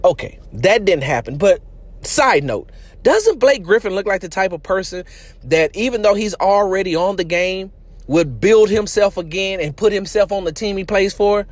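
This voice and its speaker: Brief: male podcast host, high voice, playful joker, dry close sound. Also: lively intonation, moderate pace, dry recording. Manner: joking, playful storyteller who acts out quotes. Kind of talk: casual sports talk podcast.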